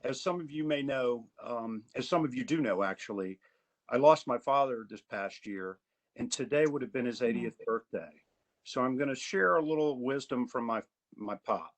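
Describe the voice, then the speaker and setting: A man from Augusta, Georgia, chairing an advisory committee in a virtual meeting, giving earnest, measured prepared remarks. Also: medium pitch, lively intonation, poor audio.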